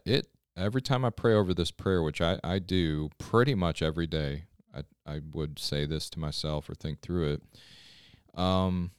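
A man's voice: extremely low pitch, clear, resonant tone, dry recording, clean studio sound. A man, a pastor, giving an earnest, conversational scripture devotional on a podcast and often checking in with listeners.

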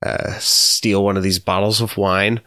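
A man's voice: fairly low pitch, flat delivery, unhurried, pushed and bright, clear, resonant tone, no echo, clean studio sound. A man co-hosting a podcast in casual chat, hesitant with many fillers and giggles. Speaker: podcast co-host. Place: home vineyard, indoors.

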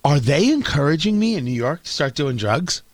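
Sarcastic, high, animated male talk host. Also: normal speed, no echo, clean studio sound. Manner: sarcastic, ranting, stammers when worked up. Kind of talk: opinion talk show commentary.

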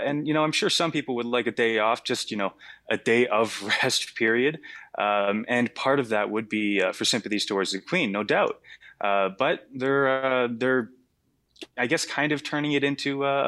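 A man's voice: medium pitch, moderate pace, fairly bright tone. A young man co-hosting a news stream, giving casual political commentary in a hesitant way. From Canada. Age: young adult. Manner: hesitant, many fillers and restarts. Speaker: co-host.

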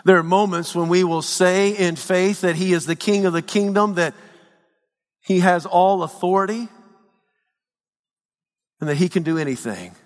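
A man preaching a sermon in a church, swinging between shouted peaks and hushed low lines. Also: normal speed, long pauses, in a large hall. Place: church sanctuary.

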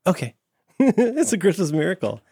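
A man's voice: high voice, very animated, moderate pace, creaky, warm tone, slightly rough, dry recording, studio quality. A man hosting a casual podcast chat, playful and rambling, laughing often. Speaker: podcast host.

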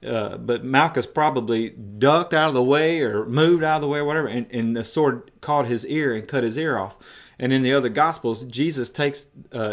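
A man preaching a sermon, retelling a story emphatically and in vivid detail. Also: medium pitch.

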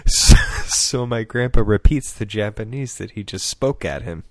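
A man with a low voice tells a meandering anecdote on a casual podcast, breaking into laughter and putting on quick voices for the people in it. The sound is dry and close, with no room around him. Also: expressive, dry recording. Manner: rambling, laughs often, acts out quoted voices. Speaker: podcast co-host. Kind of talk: casual storytelling chat.

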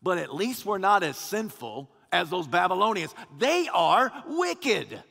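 A man voicing the prophet Habakkuk as an indignant man protesting to God, his voice rising into shouted complaint. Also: high voice, big pitch swings, unhurried, vocal fry, in a large hall, heavily acted.

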